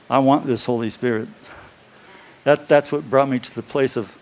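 A man preaching a sermon to his congregation, reading scripture slowly and stressing key phrases by repeating them. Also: mid-range voice, fairly even intonation, a little mellow. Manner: reads scripture aloud slowly. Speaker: pastor.

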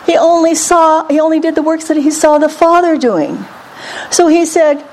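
A woman preaching a sermon, animated and leading the congregation to repeat scripture back to her. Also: high voice, moderate pace, a little hiss or hum. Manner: lively, calls on the congregation to repeat.

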